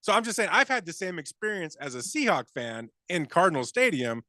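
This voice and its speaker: Quick-talking radio co-host dude, bright voice, jumpy pitch, jokey and defensive. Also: male voice, dry recording. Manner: animated, defensive, joking. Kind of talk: sports talk radio banter. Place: radio studio.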